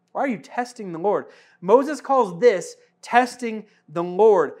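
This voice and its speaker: A male pastor preaching a sermon in a conversational, animated way, full of rhetorical questions. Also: sits high, slow.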